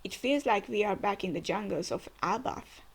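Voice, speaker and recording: A woman's voice: mid-range voice, normal speed, vocal fry, breathy edge. A woman voicing hearty old male giants as she reads a comic aloud, keeping close to her own voice.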